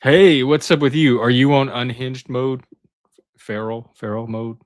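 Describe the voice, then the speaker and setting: A male host chatting on a live stream, teasing and halting with frequent restarts. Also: medium pitch, fairly even intonation, no room sound, clean studio sound. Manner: teasing, hesitant, many restarts. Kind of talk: casual live-stream chat.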